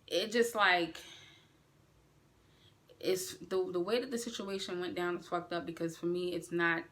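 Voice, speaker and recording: Bright-voiced, animated woman venting. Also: measured pace. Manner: animated, profane, swings up in pitch when indignant. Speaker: vlogger. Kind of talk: storytime vlog, casual venting.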